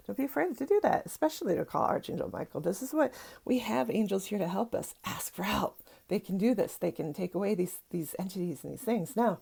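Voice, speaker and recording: A woman's voice: mid-range voice, lively intonation, a little fast, vocal fry, a little mellow, breathy edge. A middle-aged woman, a psychic teacher, chatting casually to camera at home, rambling with lots of fillers and asides.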